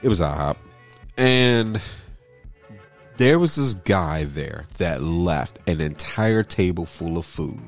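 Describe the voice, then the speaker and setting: A man's voice: low voice, slow, soft background music. A man telling a story in casual chat, acting out everyone he quotes. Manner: animated, acts out everyone in the story.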